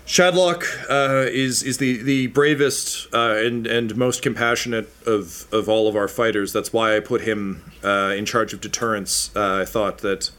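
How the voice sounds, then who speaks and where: A weary army captain, as a game master plays him, speaks in a measured, grave manner and halts often. It is a tabletop game character. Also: male voice, lowish voice, fairly even intonation, fairly bright tone.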